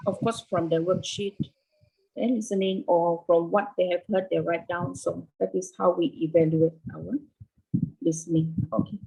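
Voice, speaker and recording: A woman's voice: on the low side, fairly even intonation, moderate pace, vocal fry, warm tone, husky, poor audio. A Malaysian English teacher in her fifties, answering interview questions over a video call, repeating herself and checking in with "okay".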